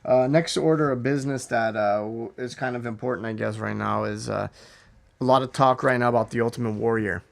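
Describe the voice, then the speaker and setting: A man's voice: mid-range voice, steady tone, brisk, vocal fry. A man co-hosting a wrestling podcast, rambling and crude in casual banter, with lots of fillers. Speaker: podcast co-host.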